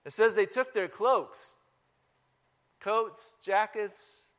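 Speaking very slowly, a pastor with a voice fairly high for a man preaches a Palm Sunday-style sermon in church. His manner is easygoing and conversational, and he keeps putting questions to the congregation.

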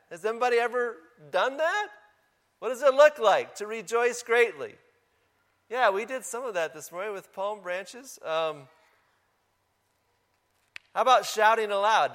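A pastor, a man whose voice sits fairly high, delivers a relaxed, conversational Palm Sunday-style sermon in a church, regularly addressing questions to the congregation.

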